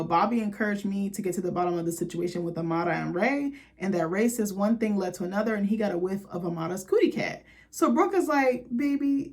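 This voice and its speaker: Sassy woman recapping reality TV. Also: medium pitch. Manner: sassy, profane, quick asides. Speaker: recap host.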